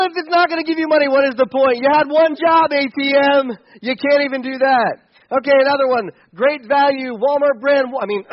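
A man's voice: very high voice, no echo, lo-fi sound. A man giving sarcastic, exasperated comedic commentary on pictures, chuckling as he goes.

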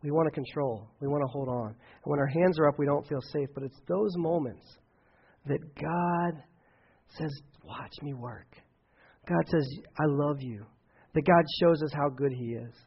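Man, pastor, sermon and prayer, husky, fairly high voice, dull lo-fi sound. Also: moderate pace. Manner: informal storytelling with many fillers and restarts.

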